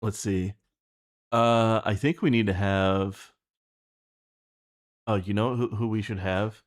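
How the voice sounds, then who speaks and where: Slow, low-voiced man thinking aloud. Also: steady tone. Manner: rambling, halting, profane. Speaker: streamer writing an animation script.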